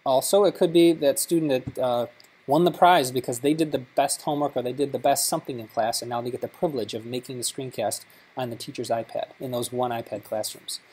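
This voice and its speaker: A man with a husky, slightly breathy voice leads a conference workshop, walking through an app step by step in an easygoing, chatty way. His pitch sits in an ordinary middle range. It sounds like a live session in a meeting room. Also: fairly even intonation, a little fast, a little mellow, poor audio. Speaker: workshop presenter. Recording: live conference talk recording.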